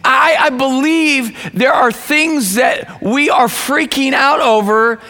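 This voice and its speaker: A man preaching a sermon to a congregation, lively and conversational, acting out the people in his stories. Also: extremely high pitch, slow, in a large hall. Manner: animated, acts out quoted voices. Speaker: pastor. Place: church.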